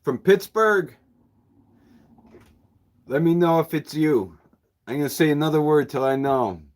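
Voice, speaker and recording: A man's voice: fairly high pitch, a little slow. A man who runs a used bookshop, chatting casually and at a rambling pace with viewers on a livestream, chuckling often.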